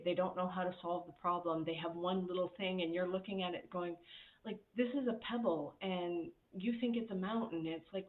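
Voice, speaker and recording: A woman coach talks in a candid, chatty way, laughing at herself and swearing now and then. Her voice sits on the low side for a woman. The sound is narrow and phone-like, with an echoey room around her. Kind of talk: casual talk on workplace dynamics.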